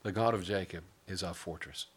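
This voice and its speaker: A pastor with a lowish, husky voice preaches a sermon in a relaxed, conversational way. He moves between scripture and light humorous asides, slowing his pace at times for emphasis.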